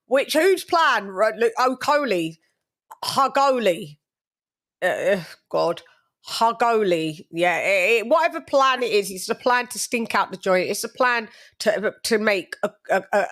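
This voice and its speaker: A woman's voice: medium pitch, a bit bright. A woman hosting a boxing podcast in casual, gossipy and blunt chat. She laughs often and repeats words as she talks.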